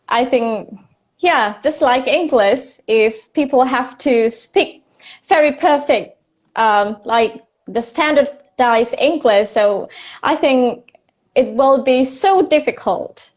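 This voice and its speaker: Slow, high-voiced woman host. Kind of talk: live-stream interview.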